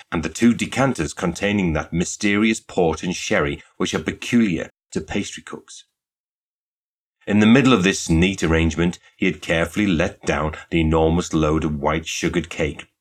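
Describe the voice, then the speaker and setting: A man narrating a classic detective story in a measured, even reading. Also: sits low, husky. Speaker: audiobook narrator. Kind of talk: scripted narration.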